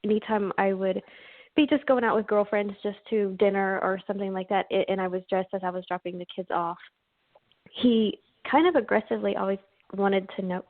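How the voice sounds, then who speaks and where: A woman in her thirties speaks on a call-in show. Her voice sits mid-pitch, and she talks hesitantly, with restarts and little laughs. The sound is dry and tinny, like a phone line. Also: steady tone, brisk, no room sound. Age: 30s. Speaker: caller. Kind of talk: phone-in conversation.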